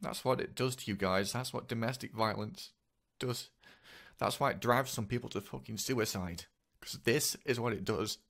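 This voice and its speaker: A man telling a personal story in a confessional vlog, speaking haltingly and earnestly with many repeats. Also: mid-range voice, vocal fry, fairly bright tone. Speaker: vlogger.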